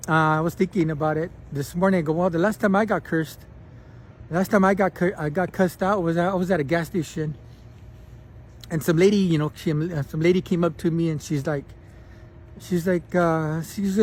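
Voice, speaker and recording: A male pastor giving a casual, conversational sermon, often clearing his throat, restarting phrases and checking in with a quick "right?". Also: fairly high pitch, fairly even intonation.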